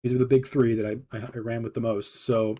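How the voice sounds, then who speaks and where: A man recounts a personal story on his live podcast in a relaxed, meandering way. His voice sits at a middle pitch with a mellow, warm color. He leans on filler words and breaks into laughter now and then. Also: fairly quick. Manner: rambling, filler-heavy with frequent laughs. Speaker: podcast host. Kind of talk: casual storytelling.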